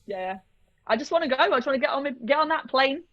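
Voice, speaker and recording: A woman's voice: high voice, expressive, fast talker, a bit bright, no room sound. Giggly woman on a dull call line. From United Kingdom. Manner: chatty, giggly, self-deprecating. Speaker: guest, airsoft player and vlogger. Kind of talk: casual interview chat.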